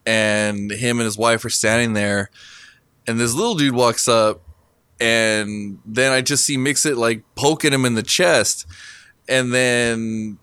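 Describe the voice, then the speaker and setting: A man's voice: medium pitch, slow pace, clear, resonant tone, no echo, studio quality. A man casually telling a long story to a co-host, swearing a lot and laughing as he goes. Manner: profane, laughing, animated retelling.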